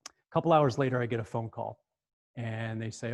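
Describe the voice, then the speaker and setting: A middle-aged man giving a storytelling talk, animated and repeating words as he goes. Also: mid-range voice, normal speed. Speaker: speaker.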